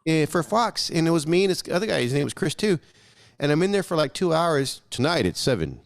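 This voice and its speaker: Here a young adult podcast guest talks briskly in a slightly high voice with vocal fry. His storytelling is blunt and full of swearing, and he animatedly performs the dialogue in casual chat.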